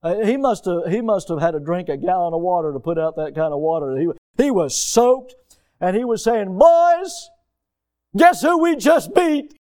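Male preacher, high voice, folksy, emphatic, questions to the pews. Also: animated, a little fast, dark tone. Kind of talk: sermon.

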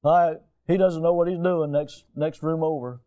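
A middle-aged male pastor preaching a sermon, emphatic and fond of rhetorical questions, swinging between loud and hushed delivery. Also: a little high, fairly even intonation, moderate pace, dull audio.

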